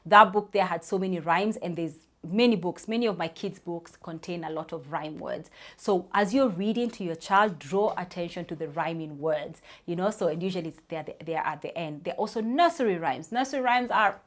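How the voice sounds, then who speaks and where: Lower-voiced woman explaining to parents. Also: moderate pace, few pauses, fairly bright tone. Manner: conversational, often says "you know", spells out sounds. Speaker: speech therapist.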